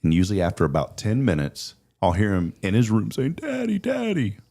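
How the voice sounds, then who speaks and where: A deep-voiced man hosts a casual morning talk show. He talks in an earnest, chatty way and often doubles up words as he gets going. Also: quick pace, mellow. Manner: earnest, chatty, repeats words when starting sentences. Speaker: host.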